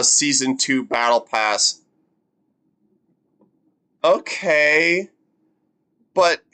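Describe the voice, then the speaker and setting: A reaction streamer rambles casually with lots of stammered restarts and frequent laughter. The voice swings widely in pitch, while the overall delivery stays unhurried. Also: fairly bright tone, smooth.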